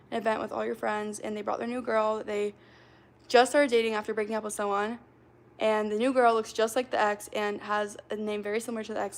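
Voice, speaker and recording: A young woman livestreamer chatting casually with her viewers, rambling and full of fillers as she sets up acting games. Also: medium pitch. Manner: rambling, filler-heavy, talks to chat.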